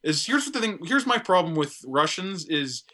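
Bright, excitable male podcast host. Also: on the high side, moderate pace. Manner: excitable, jumps into silly put-on voices. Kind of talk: crude casual chat.

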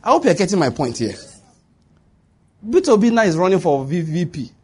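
Very animated and a little fast, a high-pitched, slightly rough male voice preaches a sermon. The pastor repeats emphatic declarations and bursts into laughter while the church congregation answers him.

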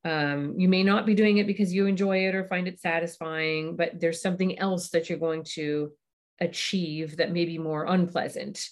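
A woman's voice: fairly low pitch, steady tone, moderate pace. A woman hosting a parenting podcast, explaining ideas in a conversational way with frequent ums and uhs. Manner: warm explanatory, frequent fillers.

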